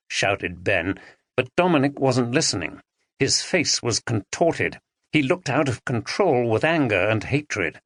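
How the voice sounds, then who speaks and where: A man narrating an audiobook thriller, expressive and dramatic, on a close studio mic. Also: medium pitch, unhurried, dry recording. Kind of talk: scripted narration.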